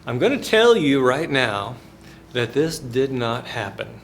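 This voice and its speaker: A male business professor, lecturing through a folksy, joking story. His voice sits at a middle pitch and moves in a relaxed conversational way, with a faint steady hiss behind it. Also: a little slow.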